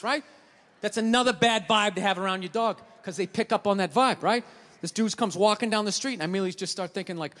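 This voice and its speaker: A man doing a stand-up comedy routine on a theater stage, ranting and swearing, swinging from mutters to shouts. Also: high voice, lively intonation, quick pace. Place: large theater stage with live audience. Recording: live hall with audience.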